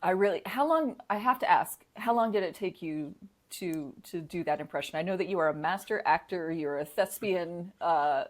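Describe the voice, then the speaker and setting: Sarcastic woman, lowish voice. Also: normal speed. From United States. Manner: sarcastic, animated, laughs a lot. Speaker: podcast co-host. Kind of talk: casual political comedy chat.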